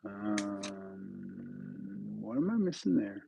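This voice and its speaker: Slow, gravelly-voiced man chatting on a stream. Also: lowish voice, expressive, mellow, a little hiss or hum, rough recording. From New York state. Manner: chats with viewers, muttering to himself between pieces. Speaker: livestream host. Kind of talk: casual live-stream chat while building.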